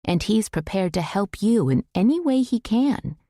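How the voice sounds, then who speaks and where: A woman's voice: medium pitch, animated, moderate pace, mellow, no room sound, clean studio sound, voice pushed up, natural voice. A woman voicing a stern older woman who speaks firmly, like a grim teacher, in an audiobook. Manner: firm, stern.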